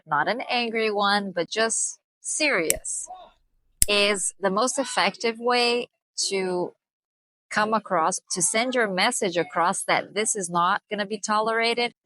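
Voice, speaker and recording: A young woman gives earnest parenting advice straight to the camera, explaining each point with care and slowing down to stress the key ones. Her voice is bright and clear, and it is recorded close and dry, with no room sound. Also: medium pitch, no echo, rough recording. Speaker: parenting vlogger.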